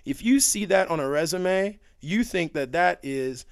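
A young man on a podcast, telling stories in a casual, animated way, laughing often and leaning on fillers. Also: a little high, unhurried, dry recording, clean studio sound. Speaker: podcast guest. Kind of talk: casual storytelling chat.

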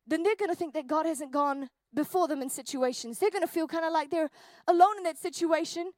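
High-voiced woman pastor preaching. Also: fairly quick, dry recording. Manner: earnest, building in intensity then softening to a quiet, intimate delivery. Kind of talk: sermon. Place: church.

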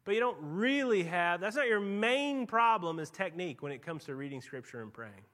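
A man preaching a sermon as pastor, telling stories and swinging from quiet asides to loud, emphatic peaks. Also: high voice, sing-song, moderate pace. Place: church.

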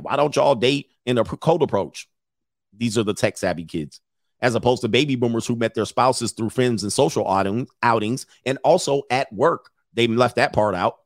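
A man's voice: mid-range voice, dry recording, clean studio sound. Blunt, profane middle-aged man commentating. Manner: blunt, profane, with frequent laughter; animated, swings into mocking impressions. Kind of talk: casual commentary reading an article aloud.

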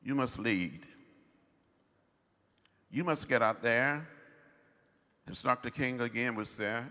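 An older man giving a commencement address in measured, rhythmic oratory with long pauses. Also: medium pitch, pushed and bright, long reverb tail. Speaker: commencement speaker. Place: large outdoor ceremony.

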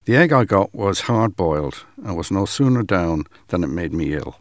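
A man giving a measured, dramatic reading of a first-person account. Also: low voice, animated, no echo, clean studio sound.

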